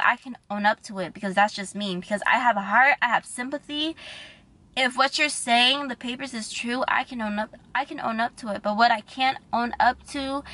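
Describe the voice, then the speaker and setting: A woman's voice: fairly high pitch, bright, forceful tone, no room sound. A young woman telling a personal story to camera in a candid, emotional, slangy way. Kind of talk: casual storytime monologue.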